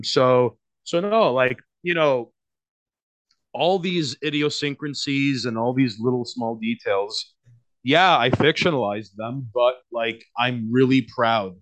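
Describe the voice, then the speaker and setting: A man's voice: mid-range voice, slow pace, fairly bright tone. A man with a New York accent, a guest on a podcast, talking casually in a rambling way. He leans on fillers, restarts and lots of swearing.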